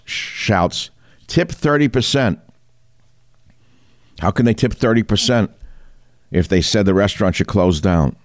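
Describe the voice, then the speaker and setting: Low-pitched and darkish in tone, this male talk show host rails against the news with indignant, combative commentary and a barrage of rhetorical questions. The studio sound is clean, without echo.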